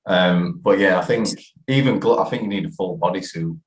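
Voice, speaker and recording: Host in casual chat: man, very low voice, quick laughs, echoey room. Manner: laughs easily, asks questions. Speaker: podcast host.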